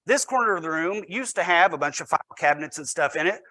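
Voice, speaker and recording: A man's voice: on the high side, expressive, fast, pushed and bright, dry recording. A man, a teacher, giving a storytelling presentation with wry, self-deprecating humor.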